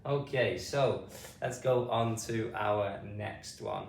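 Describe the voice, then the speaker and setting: A man's voice: on the low side, steady tone, slow. A man with a British accent teaching phonics, patiently saying each word and spelling it out letter by letter. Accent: British English. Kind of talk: slow spelled-out pronunciation lesson. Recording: roomy sound, mic at a distance, faint noise behind.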